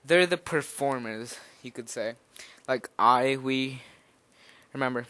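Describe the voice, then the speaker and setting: A man's voice: mid-range voice, slow, pushed and bright, clear, resonant tone. A nervous young man giving an informal spoken language lesson, rambling a little with fillers and restarts as he explains. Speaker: language teacher.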